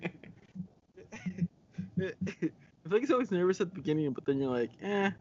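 A man's voice: high voice, very animated, normal speed, a little mellow. Young male podcast co-host, chatty and giggly, slightly dull lo-fi sound. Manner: laughs often, chatty with many fillers. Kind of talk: casual chat.

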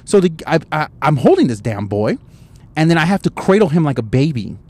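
A man's voice: a little high, big pitch swings, a little fast, darkish tone. A man hosting a casual solo podcast, recorded in his parked car at a gas station with a handheld microphone, talking in a profane, rambling storytelling way. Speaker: podcast host. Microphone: handheld microphone, wearing headphones.

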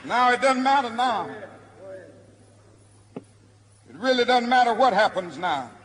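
A man preaching to a live crowd, speaking in rhythmic repeated refrains that build to ringing shouts. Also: very high-pitched, lively intonation, a little slow. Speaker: preacher and civil rights speaker. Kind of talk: impassioned oratory to a live crowd. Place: large hall before an audience. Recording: archival speech with long hall reverb and music behind.

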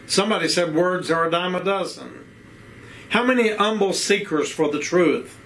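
A man's voice: high voice, moderate pace, a bit bright, a little hiss or hum, low-quality recording. Appalachian preacher man, rhythmic sermon. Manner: rhythmic preaching with repeated phrases and rhetorical questions.

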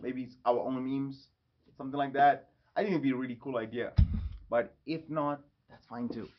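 A man hosting his own casual solo podcast, rambling and jumping quickly from topic to topic. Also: medium pitch, fairly even intonation, slight background noise. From Ireland. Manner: rambling, jumps between topics. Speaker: podcast host. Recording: slightly dull lo-fi audio.

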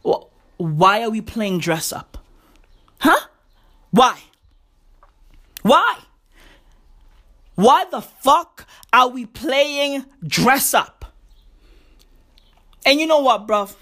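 A woman's voice: on the high side, very animated, very slow, pauses often, sharp tone. A woman delivering a profane, slangy comic rant to the camera, full of emphatic catchphrases. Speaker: comedian vlogger.

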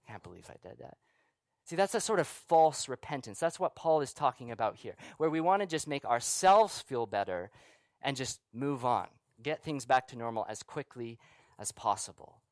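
A pastor preaching a sermon in a conversational way, with rhetorical questions and asides, sometimes dropping to a soft, quiet voice for emphasis. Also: male voice, mid-range voice, expressive, moderate pace, no echo.

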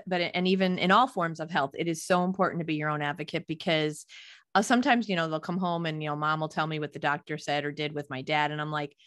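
A woman's voice: deep voice, dry recording, studio quality. A middle-aged woman hosting a podcast, talking in an easygoing, casual way and laughing along with her guest. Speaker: podcast host.

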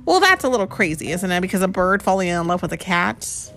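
Animated mom reading a storybook aloud. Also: female voice, on the low side, a little fast, faint music behind. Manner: chatty, animated, asks the child questions. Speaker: parent reading to her child.

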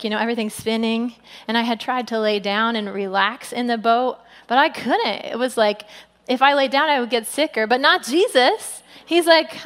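A woman pastor giving a sermon in an animated way, acting out quoted people with big jumps in pitch. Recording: long hall reverb.

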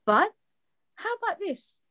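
A woman's voice: very high voice, sing-song, unhurried, pushed and bright, lo-fi sound. A woman, speaking as a guest founder about her fashion brand, emphatic and impassioned, often acting out conversations. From London. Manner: impassioned, emphatic, acts out dialogue in quotes. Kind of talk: passionate interview talk.

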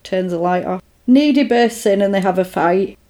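A woman in casual chat, animatedly retelling a film's plot and putting on quick voices for the characters. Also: mid-range voice, warm tone. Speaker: podcast co-host recapping a film.

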